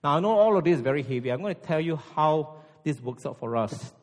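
A male pastor delivers a sermon in a fairly high voice. He presses his points with rhetorical questions and sinks to a hushed intensity at key moments. His voice rings with a long hall reverb. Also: animated, fast talker.

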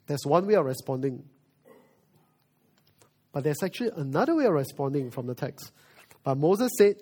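A male pastor preaching a sermon, moving from quiet reflection to loud emphasis. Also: fairly high pitch, sing-song, normal speed, pauses often.

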